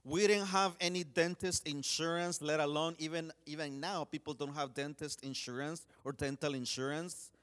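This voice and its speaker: A man preaching a sermon, telling a personal story in an earnest way, often restarting and saying "you know", swinging between urgent pleas and hushed quiet. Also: fairly high pitch, steady tone, moderate pace, few pauses.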